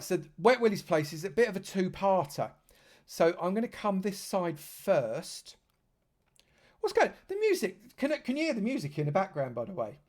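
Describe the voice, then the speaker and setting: A man giving a chatty live tour of a game server, heaping praise on what he shows. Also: on the high side. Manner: effusive, chatty, lavish with praise. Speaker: streamer touring a game server. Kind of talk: live gameplay tour commentary.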